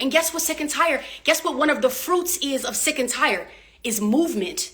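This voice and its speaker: High-voiced woman preaching real estate motivation. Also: lively intonation, moderate pace, a bit bright, no room sound. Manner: preachy, emphatic, repetitive call-and-response. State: getting out of breath. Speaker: real estate coach and agency owner. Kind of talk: motivational livestream talk.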